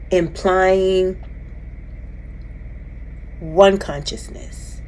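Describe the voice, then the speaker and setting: A woman telling a personal story in a casual, animated way, emphatic and rambling with restarts. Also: lowish voice, a little slow, a little hiss or hum, low-quality recording. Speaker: vlogger recounting a personal experience.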